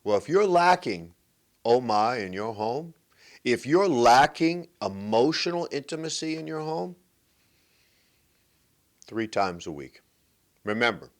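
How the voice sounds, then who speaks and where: A man hosting a relationship advice show, talking playfully and emphatically, joking and repeating his points. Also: fairly low pitch. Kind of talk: animated monologue to camera.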